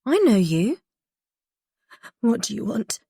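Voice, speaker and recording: A woman voicing a terrified, drugged captive woman who pleads and cries out in a high, tearful voice. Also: sing-song, takes it slowly, gravelly, dark tone, breathy edge, no room sound, clean studio sound, heavily acted. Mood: pleading.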